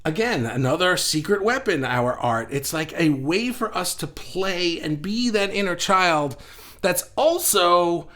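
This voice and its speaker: A man's voice: high voice, expressive, measured pace, a bit bright. A man hosting a casual livestream, chatting in a rambling way and reading viewer comments aloud. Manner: rambling and chatty, with frequent restarts. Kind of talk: casual live chat.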